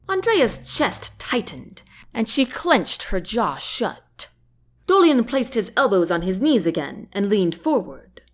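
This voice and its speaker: A woman narrating a fantasy novel chapter as an audiobook host, in a gentle, unhurried reading. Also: medium pitch, big pitch swings, slightly rough. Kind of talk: storybook narration.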